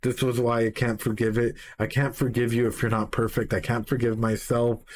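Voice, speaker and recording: A man streaming a live reaction, reading song lyrics aloud and excitedly greeting his chat. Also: mid-range voice, fairly quick, a little hiss or hum. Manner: excitable, swears, greets chat members mid-sentence.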